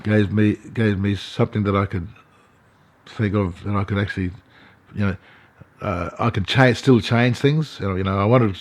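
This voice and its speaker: An older Australian man, an artist and elder, telling his story in an interview, halting, with many fillers and restarts. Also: low voice. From Central Australia.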